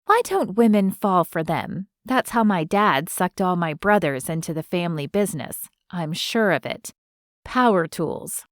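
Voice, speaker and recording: A woman's voice: on the low side, lively intonation, a little slow, dry recording, studio quality. A woman narrator voicing a candid young woman who teases her friends and speaks openly. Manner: candid, teasing, easily alarmed.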